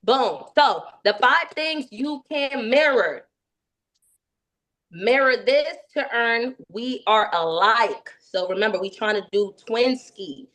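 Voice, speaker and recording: Brief: higher-pitched woman running a sales training, lively coaching tone with frequent check-ins. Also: slow pace. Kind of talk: training session.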